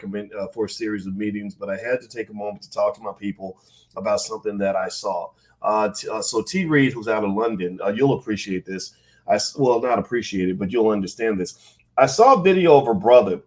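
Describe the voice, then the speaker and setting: A man's voice: fairly low pitch, darkish tone. A middle-aged man hosting a live-streamed podcast, chatting casually and speaking straight to his viewers with frequent fillers.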